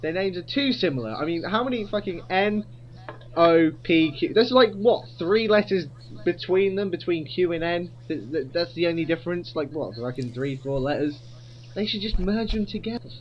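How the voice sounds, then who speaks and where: A man's voice: high-pitched, lively intonation, normal speed, highs cut off. A man co-hosting a podcast in casual comedy chat, rambling and swearing a lot. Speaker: podcast co-host.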